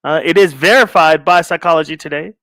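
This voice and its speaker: A man's voice: a little high, fairly quick, a bit bright, no echo, clean studio sound. A man hosting a casual livestream, rambling and distracted as he talks to viewers in chat. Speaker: livestream host.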